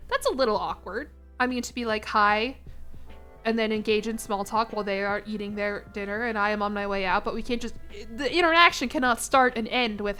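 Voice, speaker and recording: A woman's voice: fairly high pitch, expressive, brisk, pushed and bright, faint music behind. A young American woman streaming a game and chatting casually with her audience, in a rambling, self-conscious way. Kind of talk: casual chat with a live chat.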